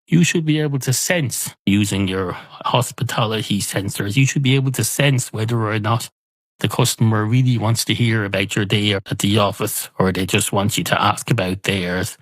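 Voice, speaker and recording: A man's voice: lowish voice, normal speed, dry recording, lightly acted. An Irish man voicing a fussy, demanding male cat ordering a pint, in a pedantic, complaining comic storytelling manner.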